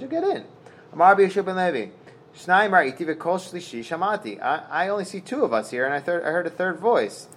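A man's voice: mid-range voice, a little hiss or hum. A man teaching a Talmud lesson in a loose, chatty way, reading Aramaic phrases and retelling them in plain slang with many fillers. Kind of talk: casual Talmud class.

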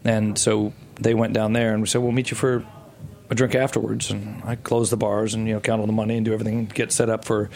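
A middle-aged man guesting on a casual interview, spinning a long, rambling story. His voice sits somewhat low, and he stops, restarts and fills gaps with "uh" as he goes. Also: level tone, fast talker, gravelly, a little mellow. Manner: rambling, many restarts and fillers.

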